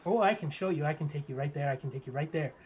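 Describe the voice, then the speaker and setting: A man's voice: on the high side, fast talker, darkish tone, close to an everyday voice. Man doing a fussy little gnome barber. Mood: eager. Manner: eager, rambling, creepy. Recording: slightly dull lo-fi mic, faint noise.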